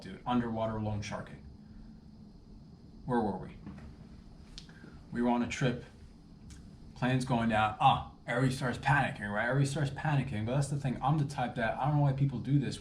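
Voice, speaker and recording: A comedian riffs through a rambling, self-interrupting improvised monologue in a playful tone. His mid-range voice has a darkish tone, with a little hiss or hum and a roomy echo carrying faint ambience.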